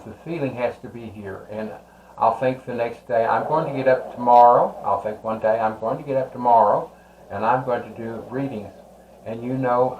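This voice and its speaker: A man giving a slow, rambling tarot card reading, pausing often with "uh". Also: mid-range voice, reverberant, highs cut off, slight background noise. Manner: slow, rambling, with many "uh" pauses. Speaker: tarot reader.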